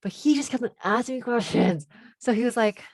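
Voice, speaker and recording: A teenage girl with a voice deep for a woman co-hosts a podcast, chatting casually and telling a story full of fillers. She talks a little fast in a slightly rough voice, sometimes switching into Cantonese, on a dry recording.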